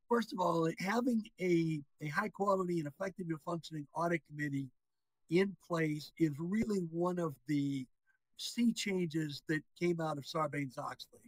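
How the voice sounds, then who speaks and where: A man as interview guest, explaining policy topics in a deliberate, measured way with occasional restarts. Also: on the high side, breathy edge, no echo, low-quality recording. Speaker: interview guest, securities regulator.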